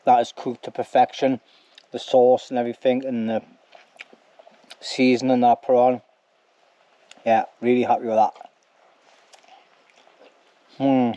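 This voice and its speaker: A man's voice: mid-range voice, little pitch movement, a little slow, long pauses, dark tone, highs cut off. A man talking casually to camera at an outdoor camp, rambling and ending lines with "like", with a snotty nose. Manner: chatty, rambling, says "like" at ends. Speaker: bushcraft vlogger.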